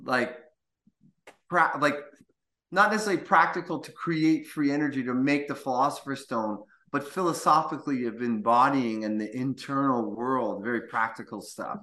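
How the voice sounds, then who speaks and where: A man's voice: medium pitch, moderate pace, bright, forceful tone. A man co-hosting a reflective spiritual chat, speaking earnestly and searching for his words. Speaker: co-host. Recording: roomy echo.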